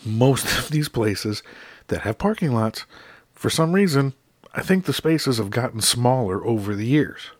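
A man's voice: medium pitch, expressive, a little slow, no echo. A middle-aged man from the United States delivering an exasperated, profane comedic rant in a casual, emphatic way.

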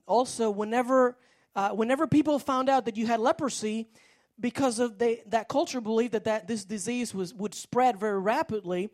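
A woman's voice: a little high, darkish tone. A woman preaching a sermon, telling a story in a rambling way with frequent restarts.

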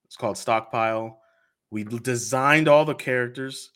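A man's voice: mid-range voice, moderate pace, fairly bright tone. A man, a podcast host being interviewed, telling a story in casual chat and acting out the quoted dialogue with laughs.

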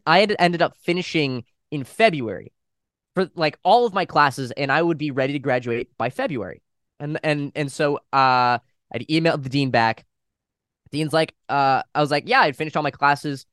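Casting: young male podcast guest, slightly high voice, dry close sound, animated storyteller. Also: clear, resonant tone, no echo. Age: young adult. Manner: fast, animated retelling with quoted voices and swearing. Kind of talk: casual storytelling.

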